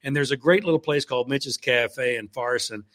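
A man's voice: medium pitch, moderate pace, fairly bright tone. Rambling man reading his novel aloud. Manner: rambling, fills with "you know" and "like that". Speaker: author guest.

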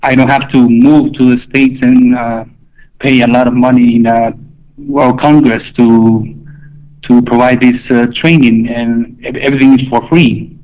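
Male doctor, halting, mid pitch, muffled phone sound. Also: steady tone. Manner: hesitant with many fillers. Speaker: pediatric cardiologist, phone guest. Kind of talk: phone interview.

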